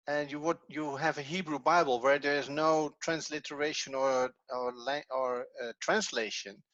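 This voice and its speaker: A man teaching a lesson, speaking haltingly as he works with a board. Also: a little high, fairly bright tone, dry recording, highs cut off. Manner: halting, with fillers and restarts. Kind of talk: lecture.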